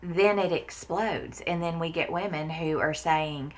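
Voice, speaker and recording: Low-voiced blunt Southern American woman. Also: unhurried, few pauses. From Mississippi, US Deep South. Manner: blunt and frank, swears for emphasis. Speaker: guest. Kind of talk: candid conversation about inner child therapy.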